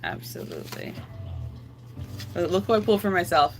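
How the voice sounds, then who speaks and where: A woman's voice: lowish voice, huge pitch swings, normal speed, slight background noise. A woman live streaming, chatting casually and rambling to her viewers while answering their comments aloud.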